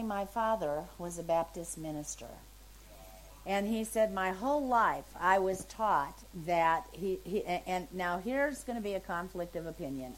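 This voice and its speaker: A woman's voice: on the low side, rough recording. A woman in her seventies tells a long testimony as a minister would. She speaks with feeling and animation, slipping into the voices of the people she quotes. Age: 70s. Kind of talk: testimony storytelling.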